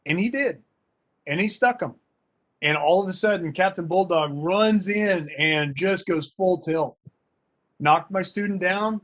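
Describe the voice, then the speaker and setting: A man's voice: on the high side, measured pace, fairly bright tone. A man talking casually and emphatically as a fencing coach in an online workshop, full of slang. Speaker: fencing coach and guest speaker.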